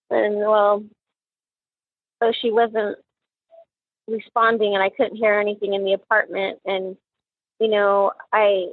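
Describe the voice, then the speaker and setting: A middle-aged mother recounting her daughter's last days, halting and restarting often as she quotes conversations. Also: mid-range voice, no room sound. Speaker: mother of the victim, recounting events. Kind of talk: personal recollection interview. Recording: tinny phone line, dry.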